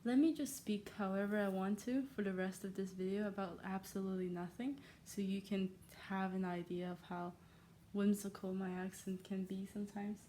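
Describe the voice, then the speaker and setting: Woman from China with a soft, warm-toned voice and a homemade mixed accent, chatting scattered and self-mocking as a vlogger. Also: medium pitch, fairly even intonation, moderate pace, slight background noise. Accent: self-made blend of Irish, American and Chinese. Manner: playful, scattered, self-mocking, trails off often. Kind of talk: casual rambling monologue. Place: her own room.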